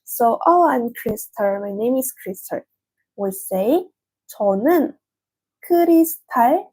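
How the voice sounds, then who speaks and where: Korean-accented woman teaching, slightly husky. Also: on the high side, animated, brisk, warm tone, low-quality recording. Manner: patient, explains step by step with many "mm-hmm"s. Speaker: language teacher. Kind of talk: online lesson.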